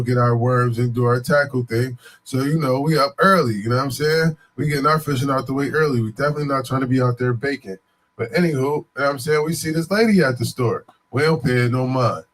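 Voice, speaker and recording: A man from Buffalo, New York, telling a story in a casual, animated, digressive way, full of fillers and asides. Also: mid-range voice. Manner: animated, digressive, frequent "you know what I'm saying" fillers.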